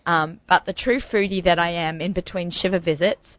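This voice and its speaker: A woman's voice: on the low side, steady tone, brisk, no room sound, dull audio. A woman hosting a radio talk show in a studio, chatty and bubbly, talking with lots of fillers.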